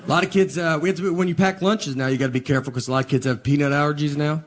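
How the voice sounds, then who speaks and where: Deadpan man doing stand-up, noisy room. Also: a little high, rapid-fire. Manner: deadpan, bewildered storytelling with acted-out quotes. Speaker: stand-up comedian. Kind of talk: stand-up comedy set. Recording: live audience laughter behind.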